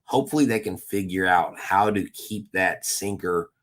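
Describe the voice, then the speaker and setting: A man co-hosting a sports podcast in casual chat, animated and chuckling as he talks. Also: low-pitched, normal speed. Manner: animated, chuckles mid-sentence. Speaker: podcast co-host.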